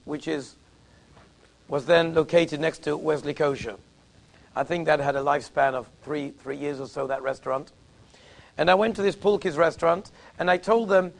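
With a fairly high voice marked by vocal fry, a rabbi delivers his talk as a sermon told in a conversational, anecdotal storytelling style, using Yiddish and Hebrew words along the way.

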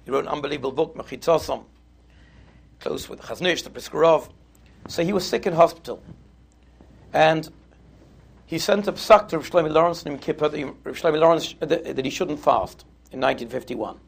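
A man giving a Torah talk, telling stories in an animated, lively way. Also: a little high, fairly quick, vocal fry, long pauses, husky. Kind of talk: storytelling sermon.

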